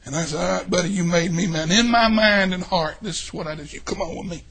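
An older man preaching a folksy sermon, swinging between shouts and hushed asides. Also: high-pitched, quick pace, creaky, slightly rough. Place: church.

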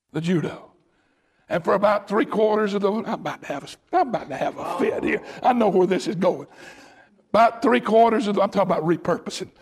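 High husky shouting preacher man. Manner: shouting, storytelling with sudden bursts. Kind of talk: sermon.

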